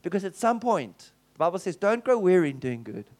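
A middle-aged male preacher with a high, light voice tells a story from the pulpit. He acts out the other people in his tale as he goes and keeps the sermon lively and animated. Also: fairly quick.

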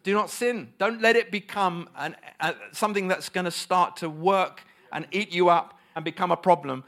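A man's voice: sits high, normal speed, gravelly, a bit bright. A man preaching a sermon, emphatic and asking his listeners rhetorical questions.

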